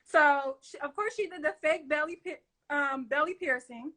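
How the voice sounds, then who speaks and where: A woman's voice: high-pitched, moderate pace, pushed and bright. A middle-aged woman hosting a casual interview, chatty and laughing often as she talks straight to her viewers. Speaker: show host.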